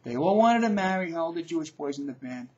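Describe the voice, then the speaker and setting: A man's voice: fairly high pitch, expressive, fast talker, lo-fi sound. Middle-aged man ranting profanely. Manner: profane, loud, repetitive ranting. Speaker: show host. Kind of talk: ranting video commentary.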